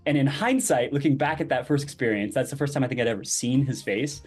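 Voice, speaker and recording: Animated man telling a story, faint music. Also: mid-range voice, fast, breathy edge. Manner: animated storyteller, acts out quoted dialogue. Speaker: podcast guest, crypto project founder. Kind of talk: casual interview storytelling.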